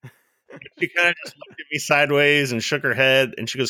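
A man's voice: medium pitch, a little fast, sharp tone, no echo, clean studio sound. A man co-hosting a casual podcast, telling rambling stories with lots of fillers and restarts. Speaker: podcast co-host.

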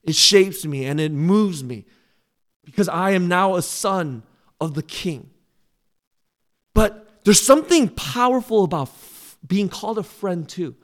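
A middle-aged man, a pastor, preaching a sermon in an earnest, pleading way that swells louder on key phrases. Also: animated, a little slow. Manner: drops to a soft, low close in prayer.

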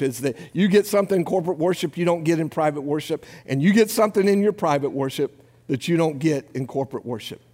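A man preaching a sermon, giving a numbered list with rising emphasis and then leading the congregation in prayer. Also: on the high side. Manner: preaching with rising emphasis and a quiet, slowed close. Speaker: pastor. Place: church sanctuary. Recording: long hall reverb.

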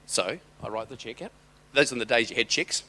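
A man's voice: medium pitch, quick pace, pushed and bright. A middle-aged man giving a sermon as a personal story, conversational and rambling, with hesitant restarts. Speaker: church speaker.

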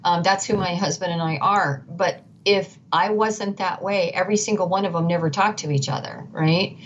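A woman's voice: lowish voice, fairly even intonation, normal speed. Earnest middle-aged woman, lo-fi sound. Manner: emphatic, repeats and restarts phrases, quotes others. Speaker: guest. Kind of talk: earnest conversational storytelling. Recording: dull lo-fi sound with faint noise.

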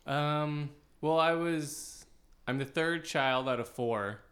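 A man co-hosting an improv podcast, chatting in a relaxed, halting way. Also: on the high side. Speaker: podcast co-host. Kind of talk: casual chat.

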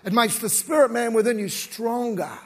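A man preaching a sermon in a relaxed, slangy, conversational way. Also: extremely high pitch, normal speed. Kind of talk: casual sermon. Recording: long reverb of a large hall.

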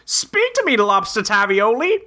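A woman's voice: a little high, very animated, moderate pace, pushed and bright, voice pushed up. A woman reading a quirky young male adventurer who talks in folksy, old-fashioned slang, rambling and exclaiming. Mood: alarmed. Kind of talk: reading a webcomic aloud.

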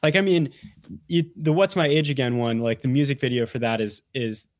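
A man's voice: medium pitch, a little fast, no echo. A man as a podcast guest, chatting casually and rambling with many fillers and restarts. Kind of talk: casual chat.

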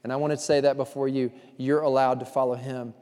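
A male pastor preaching a sermon, swinging from loud emphasis to hushed, confessional moments and repeating phrases for weight. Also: mid-range voice, flat delivery, a little fast, smooth, in a large hall.

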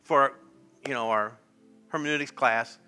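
A middle-aged man preaching a sermon as pastor, animated and laughing often, swinging from loud exclamations to hushed, quiet lines. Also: medium pitch, unhurried, clear, resonant tone, soft background music.

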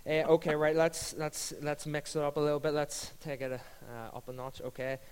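A man's voice: fairly high pitch, steady tone, normal speed, crowd noise. A man hosting a church panel, jokey and upbeat. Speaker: host. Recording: long reverb of a hall.

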